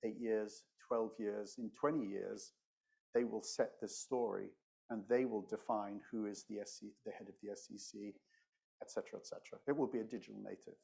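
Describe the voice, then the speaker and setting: A man on a conference panel who speaks in a measured way and slows down to stress his points. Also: on the low side, steady tone, creaky, mellow, slightly rough. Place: conference stage.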